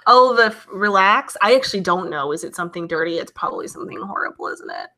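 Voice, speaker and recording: Female host, 30s, bright voice, casual live-chat reader, giggly and emotional. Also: fairly low pitch, big pitch swings, quick pace, gravelly. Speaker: livestream host reading chat.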